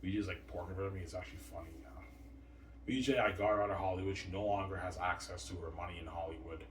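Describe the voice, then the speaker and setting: Deep-voiced man rambling in a roomy space. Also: fairly even intonation, quick pace. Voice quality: repetitive, trails off with "man". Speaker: vlogger. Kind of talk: rambling monologue. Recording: roomy, distant from mic, faint noise.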